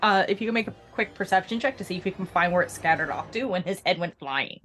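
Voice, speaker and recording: A woman's voice: on the low side, faint music behind. Woman game master narrating a tabletop game. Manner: lively narration, quick voices for characters.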